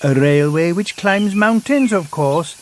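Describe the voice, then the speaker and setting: Two wise old storybook steam engines who tease in a slow, knowing way, as a man voices them. The voice sits a little high. A faint hiss lies beneath. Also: animated. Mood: teasing.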